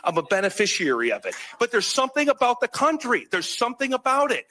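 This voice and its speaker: Earnest high-voiced man from Wisconsin. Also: wildly swooping pitch, fast talker, pushed and bright, low-quality recording. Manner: earnest, emphatic. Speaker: speaker at an award event. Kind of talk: impassioned speech.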